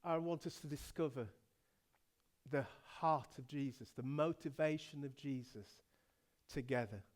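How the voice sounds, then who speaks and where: A middle-aged male pastor from England preaching a sermon, telling the story dramatically and swinging from hushed to loud. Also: medium pitch, a little slow.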